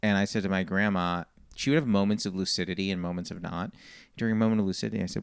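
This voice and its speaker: Guy comedian rambling through a story, low clear voice, quotes everyone. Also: rapid-fire, no echo, studio quality. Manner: animated storyteller, quotes people. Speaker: comedian guest. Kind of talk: casual storytelling.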